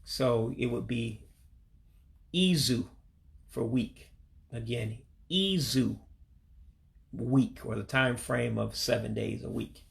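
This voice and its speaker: Middle-aged male teacher with a heavy gravelly rasp who drills each word slowly and patiently. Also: medium pitch, level tone. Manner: slow, repeats each word for practice. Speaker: language learner teaching vocabulary. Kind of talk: casual spoken language lesson. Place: back room at home.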